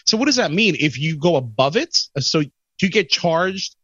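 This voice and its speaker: A man with a fairly high voice co-hosts a podcast, asking curious, joking follow-up questions. The audio is dry, with no room around it, and sounds dull and muffled. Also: big pitch swings, normal speed, a bit bright, slightly rough, dry recording. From Puerto Rico. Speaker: podcast co-host. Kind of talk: casual podcast chat.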